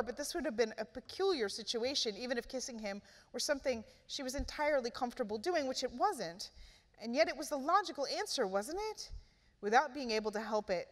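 A woman author reading her novel aloud at a live event, with steady, expressive narration. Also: fairly high pitch. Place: event hall. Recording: echoey hall, live event.

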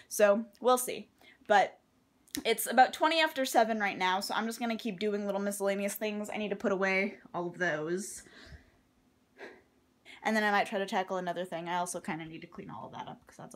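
A woman's voice: mid-range voice, brisk. A young woman talking casually at home about her to-do lists, chatty and rambling. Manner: chatty, rambling, laughs at herself. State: out of breath. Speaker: vlogger. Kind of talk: casual vlog chat. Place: at home, indoors.

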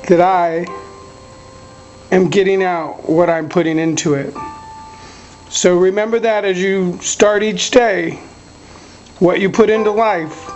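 A man's voice: sits high, a little mellow, low-quality recording. A man in his forties from Fresno, California, speaking to camera in a heartfelt video monologue. He is a little emotional and rambles earnestly, with many ums and restarts. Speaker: vlogger father.

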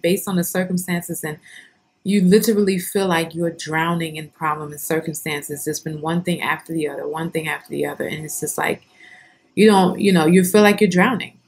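Earnest woman giving a devotional. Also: on the low side. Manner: earnest, unhurried, with frequent ums and restarts. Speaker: devotional host. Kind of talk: informal devotional reading and reflection.

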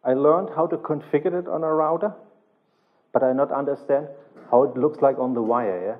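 A man's voice: mid-range voice, normal speed. Man lecturing, ending phrases with "yeah?". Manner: tags nearly every phrase with a questioning "yeah?"; non-native, broken English phrasing. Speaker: conference instructor. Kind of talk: technical lecture. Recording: tinny, narrow-band conference recording.

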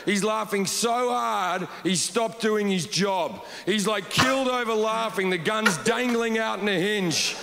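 A high-voiced man tells a stand-up story in a deadpan way, breaking into shouts. His voice rings with long reverb in a large hall, and the crowd is loud behind him. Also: a little slow, creaky, hardly any pauses, very noisy. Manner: deadpan with sudden shouted outbursts. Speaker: stand-up comedian. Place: large comedy hall with audience.

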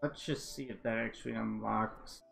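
A man live-streaming a racing game, chatting casually and reacting with excitable exclamations. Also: lowish voice, moderate pace, vocal fry, soft background music. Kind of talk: casual live-stream chat while gaming.

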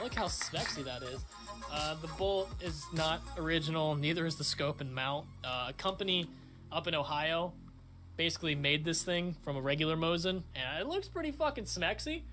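A young man hosting his own channel, chatting casually in a crude, excitable way, swearing often. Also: a little high. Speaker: channel host. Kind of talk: casual vlog chat.

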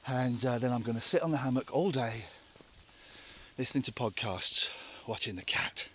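A man's voice: mid-range voice, moderate pace, fairly bright tone, a little hiss or hum. A man live-streaming from a countryside walk, talking candidly to viewers and sometimes out of breath from the climb. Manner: candid, emphatic, repeats phrases for effect. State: out of breath from walking uphill. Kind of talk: casual live-stream chat, answering viewers. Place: outdoors on a rural hill walk.

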